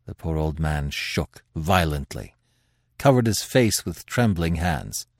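A man hosting a podcast, narrating a classic tale in a dramatic, expressive reading with swelling emphasis. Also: rumbling low, takes it slowly, dry recording, studio quality.

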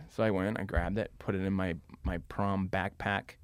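Podcast guest, man in his thirties, very low voice, dry close mic, rambling anecdote with fillers. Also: little pitch movement, fairly quick, hardly any pauses, smooth, no echo. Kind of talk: casual storytelling.

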